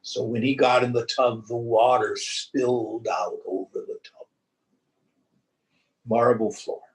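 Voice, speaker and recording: Slow, deliberate male spiritual teacher. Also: mid-range voice, steady tone, poor audio. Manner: slow, deliberate, with rhetorical questions. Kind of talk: scripture lesson with storytelling. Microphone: video call recording.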